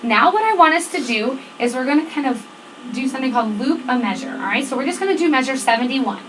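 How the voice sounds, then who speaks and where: A woman's voice: sits high, animated, fast, background noise. A woman band teacher leading a rehearsal, giving directions, counting off the tempo and checking in often. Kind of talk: rehearsal instruction. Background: student band playing.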